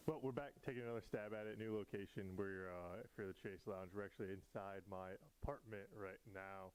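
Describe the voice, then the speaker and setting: Rambling young man with a low voice. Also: steady tone, brisk, a little mellow, clean tone, rough recording. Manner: rambling, hesitant, many fillers. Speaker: podcast host. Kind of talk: casual home podcast chat. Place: indoors in a small apartment. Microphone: home DIY setup.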